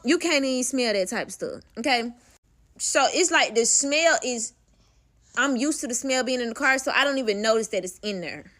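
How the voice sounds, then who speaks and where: A woman's voice: fairly high pitch, a bit bright. A young woman telling a personal story in a casual vlog, candid and profane, calling the listener "baby".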